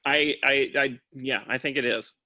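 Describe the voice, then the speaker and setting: Guy on a podcast as guest, laughs a lot, bright tense-ish voice, dry sound. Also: mid-range voice, fairly even intonation, moderate pace, dry recording. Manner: laughs often, short easygoing answers. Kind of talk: casual chat.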